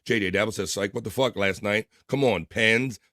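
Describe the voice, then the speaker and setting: A man hosting a live stream, casually reading viewer comments aloud and giving shout-outs while talking through his allergies. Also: on the low side, moderate pace, dry recording, studio quality. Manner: casual, rambling, reads chat names aloud with shout-outs. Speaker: livestream show host.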